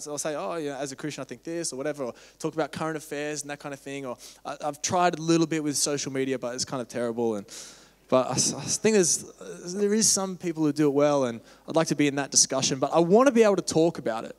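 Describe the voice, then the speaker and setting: A young man with a slightly high voice speaks to a church gathering in a loose, candid, rambling way, full of fillers. His voice rings with the long reverb of a church hall. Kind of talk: casual church talk with personal story.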